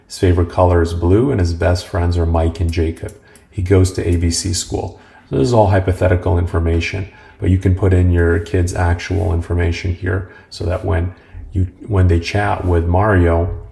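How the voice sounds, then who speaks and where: Brief: deep gravelly man, flat mellow delivery, casual tutorial host. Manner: relaxed, rambling, with uh fillers.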